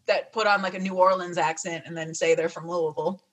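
A woman co-hosting a podcast in casual chat, teasing, with quick asides. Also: on the low side, fairly even intonation, slightly rough. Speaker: podcast co-host.

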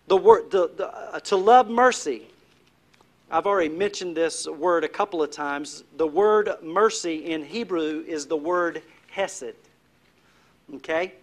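A man preaching a sermon as pastor, putting questions to the congregation and dropping to a hush on key words. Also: high-pitched. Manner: asks the congregation questions, drops to a hushed voice for emphasis.

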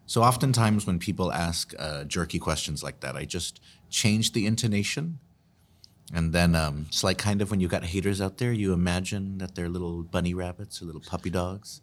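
A man's voice: low voice, moderate pace. A man, hosting and answering listener questions in an earnest, chatty way. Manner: earnest, explanatory, chatty with restarts. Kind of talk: casual commentary.

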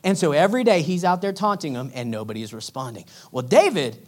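A man preaching in a lively storytelling way, energetic and slangy. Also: fairly high pitch, fast talker.

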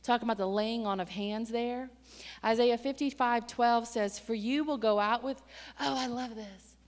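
A woman preaching a sermon and telling a personal story in a lively, conversational way, with sudden surges in pitch and loudness. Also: normal speed. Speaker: church staff member and preacher. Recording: long hall reverb.

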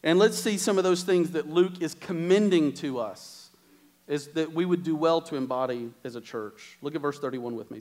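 High-voiced man preaching a story-filled sermon. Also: moderate pace. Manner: animated storytelling with quoted asides. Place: church.

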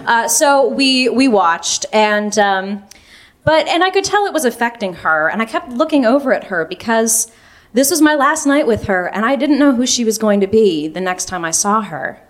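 A woman's voice: on the high side, sing-song, normal speed. Young woman telling a wry personal story. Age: young adult. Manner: wry, self-mocking, laughs through lines.

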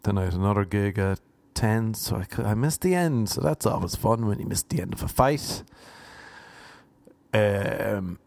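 A man's voice: on the low side, moderate pace, vocal fry, darkish tone. A man from Cork with an Irish accent, telling comic stories in a rambling, sardonic way and swearing freely. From Ireland, Cork. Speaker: comedian. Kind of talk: comic monologue.

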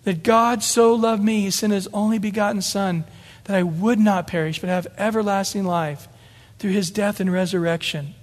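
A man preaching from the pulpit in a fairly high voice, earnest and emphatic. He stacks up repeated phrases to drive his points home. His words ring out with a long reverb, as in a big church hall. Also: fairly even intonation, moderate pace. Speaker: pastor. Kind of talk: sermon.

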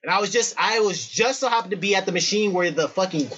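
A man's voice: sits high, animated, quick pace, a bit bright, faint music behind. A young man hosting a casual podcast chat, telling stories in slangy, profane talk and acting out quoted lines. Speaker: podcast host. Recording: dull lo-fi recording.

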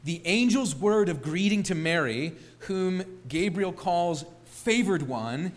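Male pastor, sermon delivery, somewhat high voice, emphatic and animated. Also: takes it slowly. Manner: animated, emphatic, repeats words for stress.

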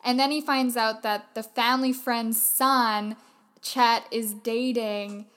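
A chatty woman talking through a film with a co-host, her voice sitting a little high. She explains things at length in a relaxed, conversational way. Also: slow pace. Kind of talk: casual conversation.

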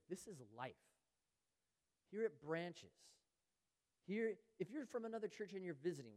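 A man preaching a sermon as pastor, earnest, rising louder on key phrases and dropping very soft on others, sometimes acting out the voices of churchgoers. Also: fairly high pitch, in a large hall. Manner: earnest, swells louder on key phrases and drops to near-whispers; acts out everyday voices of churchgoers. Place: church sanctuary.

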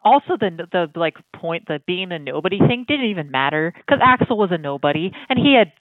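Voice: medium pitch, brisk, no room sound. A co-host in a casual gaming chat who gushes and keeps exclaiming in disbelief. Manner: dramatic exclamations, animated and gushing. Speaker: podcast co-host. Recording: tinny, phone-like dry line.

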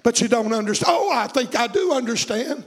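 Gravelly high-voiced preacher in echoing hall. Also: male voice, expressive, a little fast. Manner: fervent, rhythmic preaching with repeated phrases. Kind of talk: sermon.

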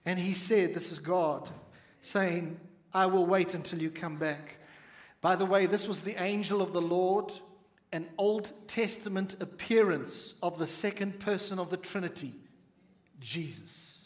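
A male pastor preaching a sermon, reading scripture aloud and breaking off into lively asides to the congregation. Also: sits high, unhurried.

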